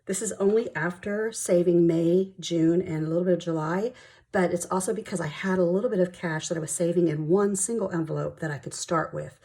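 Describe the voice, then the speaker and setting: A young woman vlogger, chatting excitedly as she counts cash at home. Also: fairly low pitch, a little fast. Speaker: budgeting vlogger. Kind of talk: casual chat while counting cash.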